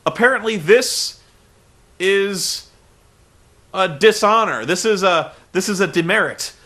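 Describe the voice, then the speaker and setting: A man's voice: sits high, lively intonation, slow pace, bright, forceful tone. A man reviewing a wrestling show in a sarcastic, exasperated comedic recap.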